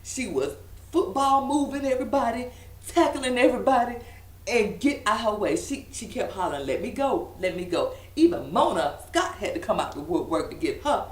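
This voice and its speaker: A woman chatting through a reality show recap, her pitch swinging up and down as she acts out the quotes. She laughs between lines and sounds a little off the mic, in a room with a lot of echo. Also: moderate pace, far from the mic. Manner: animated, gossipy, laughing asides, acts out quotes. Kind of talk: casual recap chat. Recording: roomy echo, a bit off-mic.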